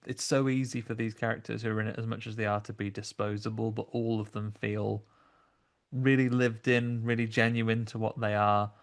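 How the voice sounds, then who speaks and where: A man's voice: on the low side, level tone, normal speed. A man, co-hosting a podcast and talking through a horror film in thoughtful, rambling analysis. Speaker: podcast co-host. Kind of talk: casual film review chat.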